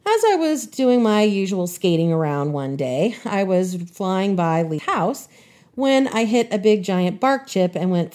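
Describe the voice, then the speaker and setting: A woman in her fifties hosting a podcast, telling a personal story in an expressive way. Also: fairly low pitch.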